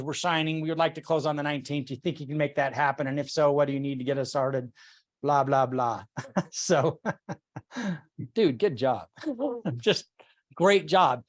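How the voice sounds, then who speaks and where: A man leading a casual sales team call, retelling a client exchange and coaching, candid and swearing freely. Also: fairly high pitch.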